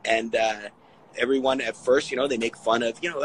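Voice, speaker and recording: A male fitness coach of Italian heritage rambles casually through a conversational interview, telling animated stories and acting out what other people said. His voice is medium-pitched and fairly quick, on a low-quality recording with slight background noise.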